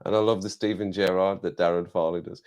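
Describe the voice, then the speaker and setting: A man's voice: deep voice, flat delivery, fast talker, a little mellow, clear, resonant tone. An English man hosting a casual live stream, chatting to viewers in a rambling way, repeating phrases and laughing often.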